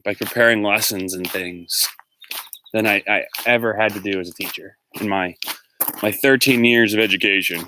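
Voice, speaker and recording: A man's voice: on the low side, bright, forceful tone, slight background noise. A man, a teacher, live-streaming from a walk in the woods on his phone, chatting casually and rambling as he reads out viewer comments. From Pennsylvania. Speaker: teacher and vlogger. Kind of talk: live-stream walking vlog. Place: outdoors, walking in the woods.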